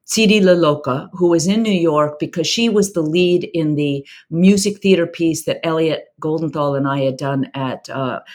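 A woman theater director recounting stories in an interview, reflective and anecdotal with frequent restarts. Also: low voice. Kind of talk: interview storytelling.

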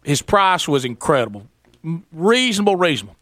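Male radio host, animated storyteller, bright tone, dry studio sound. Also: fairly high pitch, fairly quick, no echo. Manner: animated storyteller, acts out voices.

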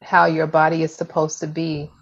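A woman's voice: low-pitched, completely flat delivery, moderate pace. Woman co-host with slightly dull audio. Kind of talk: casual chat.

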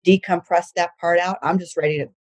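A woman's voice: on the low side, steady tone, brisk, no echo, rough recording. A woman, a comedian chatting casually on a podcast with lots of restarts and casual swearing. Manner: rambling, frequent likes and restarts, swears casually. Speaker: comedian guest.

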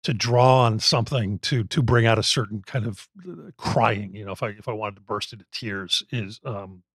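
A man hosting an interview podcast, talking in a halting way and searching for his words. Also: lowish voice, breathy edge, no room sound, clean studio sound. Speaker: podcast host. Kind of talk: interview conversation.

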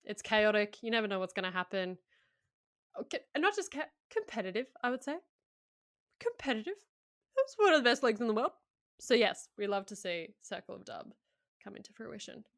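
A woman's voice: mid-range voice, very animated, fast, gravelly, fairly bright tone, no room sound, clean studio sound. A woman co-hosting a sports podcast, chatty and a little hesitant. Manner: nervous, chatty, hesitant with ums. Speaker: podcast co-host. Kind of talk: casual sports podcast chat.

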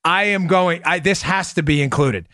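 A man's voice: on the high side, normal speed, sharp tone, no echo, studio quality. A man hosting a podcast, talking in a mocking, sarcastic way during casual commentary. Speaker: podcast host.

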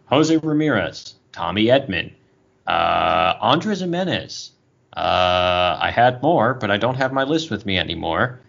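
A man co-hosting a casual sports podcast, opinionated and animated, often restarting his sentences. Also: deep voice, measured pace, gravelly. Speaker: podcast co-host. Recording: dull lo-fi audio over bad Wi-Fi.

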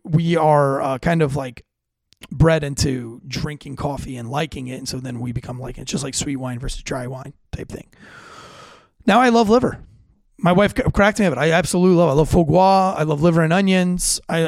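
A man in his thirties hosting a podcast, telling parenting stories in a blunt, profane, animated way. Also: a little high, creaky, no echo. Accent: American. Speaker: podcast host. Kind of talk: casual monologue.

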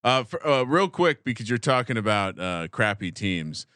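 A man's voice: mid-range voice, big pitch swings, normal speed, pushed and bright, dry recording. A man co-hosting a podcast in a studio, talking casually about betting picks in a rambling way, with swearing and dry jokes. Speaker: podcast co-host. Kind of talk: casual sports betting chat.

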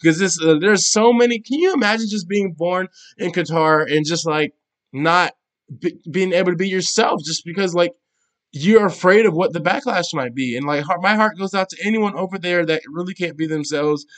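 A man's voice: high-pitched, normal speed. A young man hosting a podcast, giving casual news commentary in a chatty, emphatic way, full of fillers, restarts and sassy asides. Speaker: podcast host.

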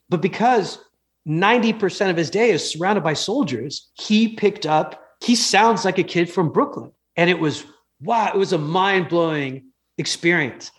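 Lively man telling comedy stories. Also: high voice. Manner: animated, quick storytelling with restarts and laughter. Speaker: comedian and podcast guest. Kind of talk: casual storytelling chat.

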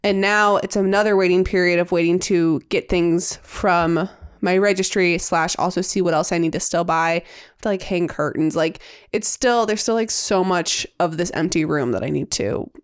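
A woman's voice: fairly low pitch, moderate pace, clean tone. A young woman co-hosting a casual podcast chat, giggling often and trailing off into fillers. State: pregnant. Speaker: podcast co-host.

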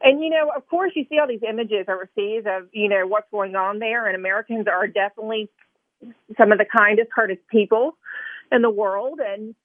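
A woman's voice: mid-range voice, fairly quick, no room sound. A woman with a Tennessee accent, a correspondent speaking as a guest on a radio show, earnest with many fillers. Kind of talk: remote radio interview. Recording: tinny phone line.

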